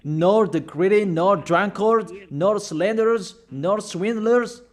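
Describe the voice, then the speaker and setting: A male preacher delivering a sermon in a fairly high voice. He talks insistently, going back over his points and pressing his warnings on the listeners. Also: takes it slowly.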